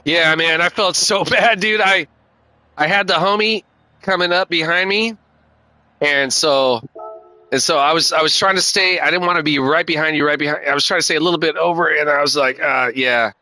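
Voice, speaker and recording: A man's voice: a little high, fairly even intonation, moderate pace, bright, forceful tone, rough recording. A man streaming a racing game, talking in a laid-back, slangy and profane way and calling everyone dude and man. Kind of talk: casual live-stream chat.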